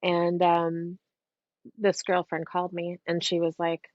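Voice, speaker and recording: A woman's voice: on the low side, a little slow, no room sound. Chatty woman psychic telling stories. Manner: chatty, animated, swears casually. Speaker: psychic medium guest. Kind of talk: casual podcast storytelling. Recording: dull, dry lo-fi podcast audio.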